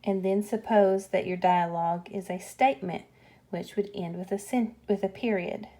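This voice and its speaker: A woman teaching a grammar lesson, explaining punctuation slowly and patiently. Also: medium pitch, steady tone, mellow.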